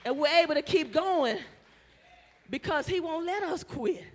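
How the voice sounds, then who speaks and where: A woman minister preaching a sermon in a church, swinging from hushed pleading to impassioned shouting with call-and-response. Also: sits high, animated, measured pace. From United States. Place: church sanctuary.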